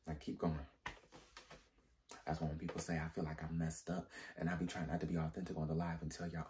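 A man's voice: rumbling low, level tone, brisk, a little mellow, slight background noise. A man who is a pastor giving a candid personal testimony, talking casually with slang and rising into emphatic, preacher-like swings.

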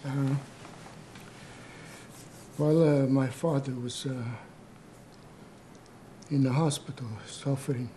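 A man playing an older Italian immigrant mob grandfather in a comedy sketch, speaking halting, broken English with an Italian accent and slipping into Italian. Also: mid-range voice, fairly even intonation, warm tone, slight background noise, natural voice. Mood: grave storytelling.

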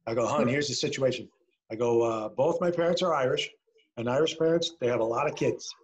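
A middle-aged man from upstate New York doing a stand-up set over a video call from home, landing punchlines dry and slowed down. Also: mid-range voice. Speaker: stand-up comedian. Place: a home, indoors.

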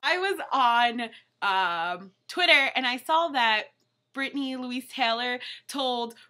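Young woman, vlogger, giggly, bright, a bit high-pitched, casual reading aloud. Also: expressive, slow pace, soft background music. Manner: giggly, keeps breaking into laughter.

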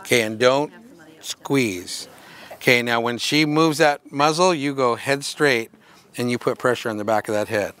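A man's voice: mid-range voice, moderate pace, fairly bright tone. A man instructing dog show handlers at a workshop, giving plain direct commands with playful asides. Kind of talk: hands-on coaching at a workshop.

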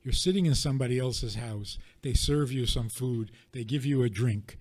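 A rabbi giving a teaching talk to an audience, leaning on rhetorical questions and wry everyday examples. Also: male voice, medium pitch, moderate pace, darkish tone.

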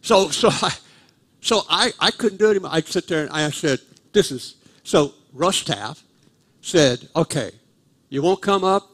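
Older man, raised pitch, humorous storytelling sermon, church service. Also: expressive, unhurried, fairly bright tone, breathy edge. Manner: humorous, self-deprecating storyteller. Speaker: guest preacher. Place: church sanctuary, live service.

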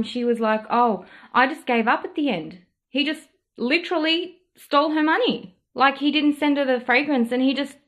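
A woman telling a story in a casual vlog, in an animated and indignant way, acting out the other people's lines. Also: a little high. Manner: animated, indignant retelling with quoted dialogue. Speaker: perfume vlogger.

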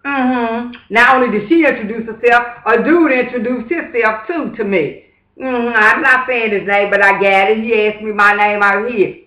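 A man's voice: very high voice, moderate pace, sharp tone. A man talking straight to camera in a casual, preachy vlog monologue, emphatic and fervent, with repeated rhetorical asides. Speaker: vlogger. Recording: roomy echo.

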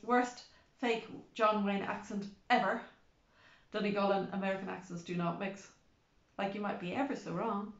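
Woman reading a story, wry and chatty, echoey room, kinda dull sound. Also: medium pitch. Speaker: audiobook narrator. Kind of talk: first-person scripted narration. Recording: roomy, slightly dull recording.

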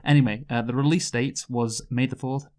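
A man with a mid-range voice, talking casually on a film podcast and filling his sentences with ums and ahs. He sounds relaxed and conversational. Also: medium pitch, fairly quick. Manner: chatty, hesitant, many fillers. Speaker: podcast co-host.

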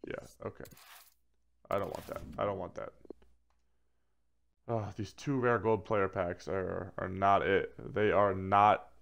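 A man giving casual commentary while opening packs in a video game, swearing freely and swinging between flat grumbling and excited shouts. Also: low voice, unhurried, creaky, pauses often. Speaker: gaming video creator.

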